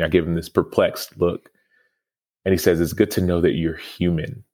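A man in his thirties speaks with a notably low pitch. He is a podcast guest and former football player, earnest and reflective as he tells a personal story. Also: little pitch movement, normal speed, a little mellow. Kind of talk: storytelling interview answer.

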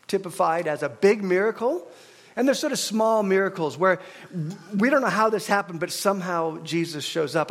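A middle-aged man, a pastor, giving a conversational sermon, telling stories and acting out the voices of the people in them. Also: sits high. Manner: animated storyteller, acts out quoted voices.

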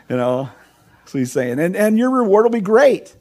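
A man's voice: mid-range voice, moderate pace, mellow. A middle-aged man and pastor giving a chatty, conversational sermon, asking his listeners questions and telling personal stories. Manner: chatty and informal, asks the congregation questions, tells personal stories. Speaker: teaching pastor.

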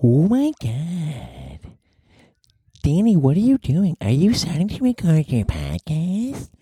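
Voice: mid-range voice, wildly swooping pitch, slow, warm tone, breathy edge, no room sound, clean studio sound, voice pushed up, exaggerated voice. A performer voicing a playful, teasing young woman, the host's girlfriend, who mock-scolds him. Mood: mock shock.

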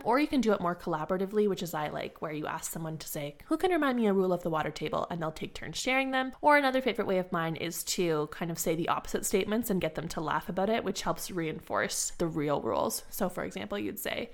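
A young adult woman, an early childhood educator, giving a calm, encouraging teaching talk to other educators in a conversational way. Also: fairly low pitch, fast talker, hardly any pauses.

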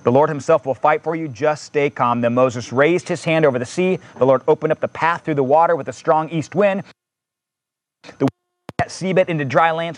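A man's voice: fairly high pitch, dry recording. A man preaching a sermon in a conversational way, reading scripture aloud and adding casual asides. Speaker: pastor.

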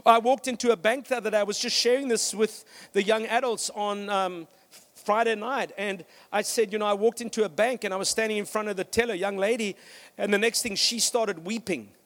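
A man's voice: sits high, fairly quick. A male pastor preaching a sermon with energy, telling stories and calling out to the congregation. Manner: energetic, with storytelling and "come on" calls to the congregation.

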